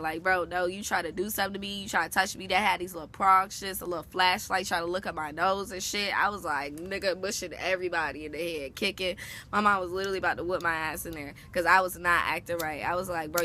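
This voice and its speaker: Bright-voiced young woman telling a profane story. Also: fairly low pitch, slight background noise. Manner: animated, profane, slangy storytelling. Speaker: vlogger. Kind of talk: casual storytime.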